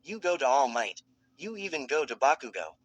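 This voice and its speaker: A man's voice: medium pitch, big pitch swings, normal speed, muffled recording. A man voicing a young woman who is crying and hurt, pleading in broken sentences during a fan fiction reading. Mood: tearful. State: crying, hiccuping.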